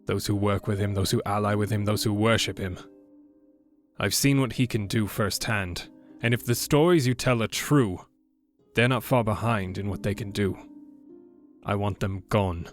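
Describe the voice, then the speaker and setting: A man speaks in character at a tabletop game, steady, measured and formal. His voice sits a little low, and faint music plays behind him. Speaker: player.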